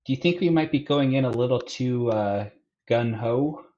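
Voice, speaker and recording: Man, tabletop player, hesitant, reasoning aloud, middle pitch, muffled lo-fi mic. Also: normal speed, dark tone. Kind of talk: tabletop game role-play.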